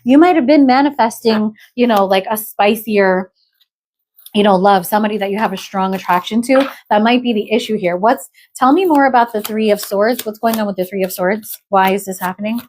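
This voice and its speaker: A woman's voice: medium pitch, fairly quick, a little mellow. A woman giving a live tarot reading in a chatty, exclamatory way, often checking in with "okay?". She says she is not feeling well. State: unwell. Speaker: tarot reader.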